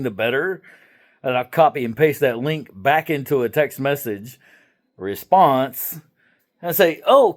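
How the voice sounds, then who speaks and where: A middle-aged man with a voice of ordinary pitch tells a story in a loose, chatty way. He is irreverent and swears freely, and he turns animated when he acts out other people. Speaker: vlogger. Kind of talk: casual storytelling to camera.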